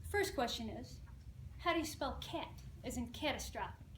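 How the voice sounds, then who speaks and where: A man's voice: very high voice, animated, normal speed, fairly bright tone, a little hiss or hum. Woman doing a courteous young stock boy. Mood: patient. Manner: patient and courteous. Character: polite grocery stock boy, young man. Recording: echoey room from far off.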